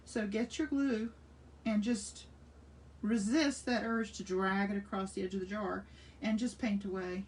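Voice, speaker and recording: A woman's voice: medium pitch, steady tone, unhurried, distant mic. A woman in her sixties chatting enthusiastically as she demonstrates a craft, thinking aloud while she works. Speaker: art instructor. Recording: voice slightly off-mic with faint room noise.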